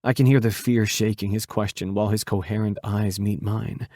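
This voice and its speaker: This audiobook narrator is a man speaking in a steady, measured manner with a fairly low pitch. The studio sound is clean and has no echo.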